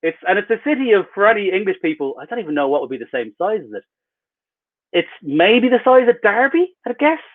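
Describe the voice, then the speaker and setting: A man's voice: high-pitched, big pitch swings, brisk. A man, an author, giving rambling, wry and self-mocking answers in a casual interview over a video call. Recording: tinny phone-like video call line.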